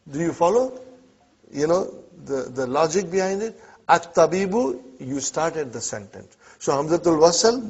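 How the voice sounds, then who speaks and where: A man teaching an Arabic class, quizzing students with short "huh?" prompts and explaining each example. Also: on the high side. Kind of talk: classroom lesson. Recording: dull lo-fi classroom recording.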